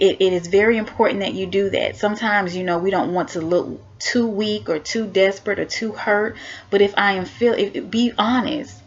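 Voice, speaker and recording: A woman's voice: mid-range voice, vocal fry. A woman vlogger giving heartfelt self-help advice, earnest and encouraging, repeating her key points. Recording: dull lo-fi recording.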